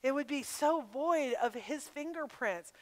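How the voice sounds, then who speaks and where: A middle-aged woman shares her testimony at a women's retreat, openly emotional and questioning the audience directly. Her high-pitched voice is unhurried with lively intonation, echoing through a camp meeting hall with long reverb.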